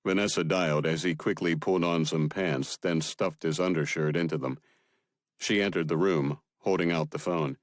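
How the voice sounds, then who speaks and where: A man narrating an audiobook in a steady, measured manner. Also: extremely low pitch, dry recording, clean studio sound.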